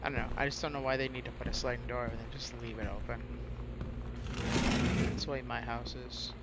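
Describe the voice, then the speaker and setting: A man's voice: mid-range voice, level tone, fairly quick, very noisy. A man streaming a game, chatting, joking and thinking aloud as he plays. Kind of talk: casual gameplay commentary. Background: game music.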